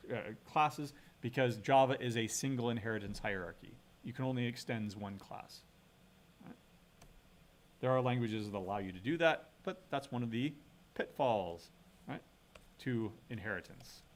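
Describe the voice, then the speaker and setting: Middle-aged man, mid-pitched, casual university lecturer, chatty and thinking aloud, leans on "right?". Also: normal speed. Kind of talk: recorded classroom lecture.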